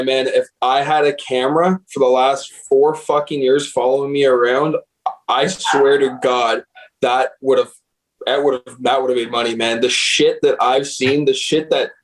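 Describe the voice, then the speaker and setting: A man's voice: mid-range voice, fairly even intonation, a little slow, low-quality recording. A young man, a booking agent, casually telling road stories, profane and laid-back, laughing along. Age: young adult. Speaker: guest, concert booking agent. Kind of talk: casual storytelling.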